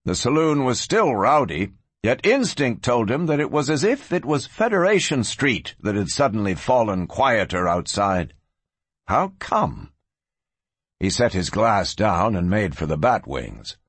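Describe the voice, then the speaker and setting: A man reading a western audiobook aloud, his voice husky and lively, rising and falling as he tells the story. The sound is close and dry, with no room around it. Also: on the low side, normal speed, no room sound. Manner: expressive, varied storytelling. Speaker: audiobook narrator. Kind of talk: scripted western audiobook narration.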